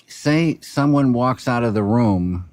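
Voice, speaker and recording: A film director teaching a class, musing in a halting way with many pauses and restarts. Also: male voice, mid-range voice, lively intonation, a little mellow, no room sound, clean studio sound. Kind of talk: reflective instructional talk.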